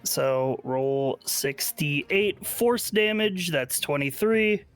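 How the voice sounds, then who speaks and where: A man's voice: a little high, expressive, takes it slowly, a bit bright, clean tone, faint music behind. A man playing a tabletop game, explaining his rolls casually with a lot of swearing, "like" and "uh". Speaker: player.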